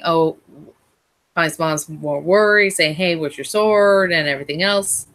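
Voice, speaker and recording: A woman's voice: deep voice, fairly bright tone. A woman giving a casual, rambling recap of an episode as a fan reviewer, often restarting and correcting herself.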